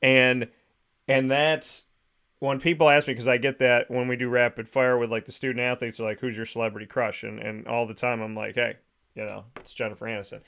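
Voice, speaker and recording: Male podcast host, lively anecdote teller, mid pitch. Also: a little fast, vocal fry, clear, resonant tone. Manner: animated storyteller, laughs and restarts often. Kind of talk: casual chat.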